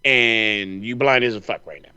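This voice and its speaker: A man co-hosting a podcast, chatting casually with a profane, animated ranting manner. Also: lowish voice, unhurried, clean tone, no room sound. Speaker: podcast co-host. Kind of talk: casual chat.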